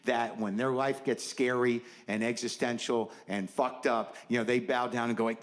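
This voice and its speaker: A man's voice: mid-range voice, steady tone, moderate pace, hardly any pauses. A man doing a stand-up comedy set on a club stage, riffing in a rambling, exasperated, self-questioning way. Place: comedy club stage before a live audience. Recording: live club recording with crowd noise. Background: audience laughter.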